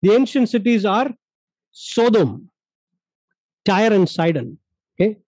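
A man from India teaches a Bible study in a high, mellow voice, pressing each point home and repeating verses. The sound is dry and close. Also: big pitch swings, slow pace, dry recording, low-quality recording.

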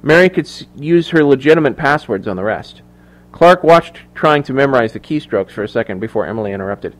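A man narrating a thriller audiobook in measured, even storytelling. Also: medium pitch. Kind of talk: scripted narration.

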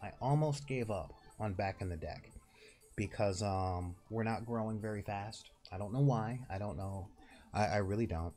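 A channel host from Southern California chats casually to the camera, rambling along with laughs and restarts. He has a nasal, fairly low, warm voice and talks at normal speed.

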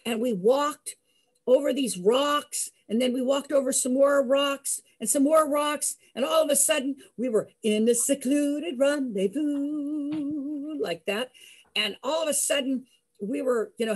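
Older lady storyteller, husky and highish, acts out all the voices. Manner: lively, acts out voices, laughs. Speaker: storyteller host. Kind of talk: animated personal storytelling.

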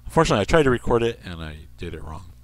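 A man hosting an internet radio show, reading odd news stories in a rambling way and slipping into soft asides. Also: sits low, big pitch swings, rapid-fire.

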